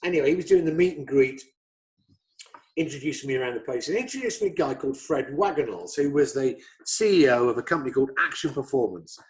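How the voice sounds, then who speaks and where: A middle-aged English man, a guest racing driver, telling stories in casual chat, animated and swearing freely. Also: mid-range voice, fast talker, rough recording.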